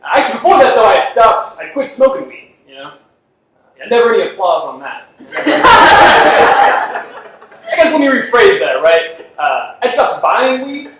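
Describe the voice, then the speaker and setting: A man's voice: very high voice, very animated, a little slow, pauses often, a bit bright. A man performing a self-deprecating stand-up comedy set, laughing at his own jokes on a club stage. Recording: echoey club from far off with faint noise.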